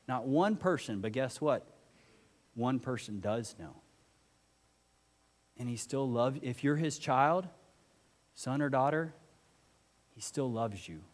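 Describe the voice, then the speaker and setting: A man's voice: mid-range voice, a little mellow. A man preaching a sermon to his congregation in an earnest, conversational way, putting direct questions to the listeners. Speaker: pastor. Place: church. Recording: church hall reverb.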